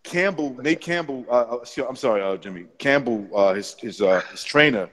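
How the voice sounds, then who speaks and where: A man's voice: mid-range voice, fairly quick, fairly bright tone, slight background noise. A man co-hosting a boxing podcast in casual chat, rambling and stumbling over his words. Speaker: podcast co-host.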